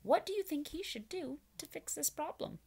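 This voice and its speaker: A woman reading a picture book aloud to preschoolers, pausing to explain words and invite the children to join in. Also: high voice, animated, a little mellow, a little hiss or hum. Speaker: children's storyteller.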